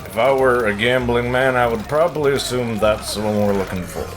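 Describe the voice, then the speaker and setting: A man's voice: mid-range voice, a little fast, faint music behind. A man playing a tabletop game in an easygoing way, describing what his character does. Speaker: player.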